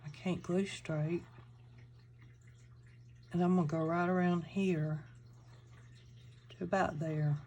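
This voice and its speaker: Low, mellow Southern woman crafting. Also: fairly even intonation, takes it slowly, long pauses. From Georgia, US. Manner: chatty, thinking aloud while working. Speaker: crafting channel host. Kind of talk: casual crafting tutorial.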